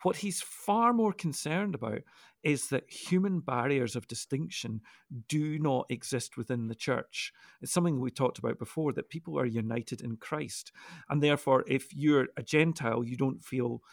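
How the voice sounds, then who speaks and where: Gravelly man explaining. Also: medium pitch, normal speed, dry recording, studio quality. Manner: thoughtful, explanatory, with frequent restarts. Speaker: co-host of a Bible discussion podcast. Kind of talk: casual discussion.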